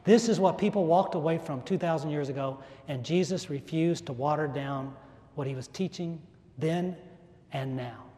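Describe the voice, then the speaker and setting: A man whose mellow voice sits on the high side preaches at a moderate pace. His sermon, given in a large church with an echoey hall, is emphatic, using repetition for stress and a voice that swells and sinks.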